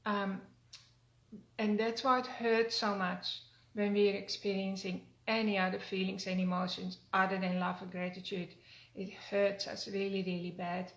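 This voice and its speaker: A woman with a gravelly, creaky voice leads a spoken wellness talk in an echoey room. She talks gently and repeats phrases, and her pitch stays flat and even. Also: normal speed. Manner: gentle, repetitive, with fillers. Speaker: wellness teacher. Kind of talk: spoken self-help talk.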